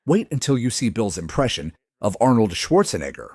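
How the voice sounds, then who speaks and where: A man's voice: lowish voice, very animated, a little fast, darkish tone, husky, no echo, clean studio sound. A man giving hyped scripted narration for a compilation video.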